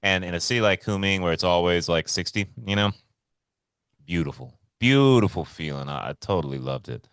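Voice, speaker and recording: Over a remote call, a man co-hosts a podcast, trading stories in a laid-back, casual chat full of swearing. His low voice has lively intonation, a fairly bright, clear and resonant tone, and a slightly fast pace. The recording is dry, with clean studio sound.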